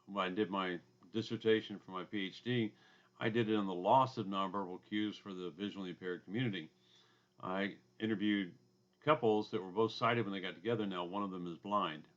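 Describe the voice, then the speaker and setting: An instructor with a loud, booming voice and a drawl gives a casual recorded lecture from his home basement, full of asides and throat clearing. The sound is lo-fi.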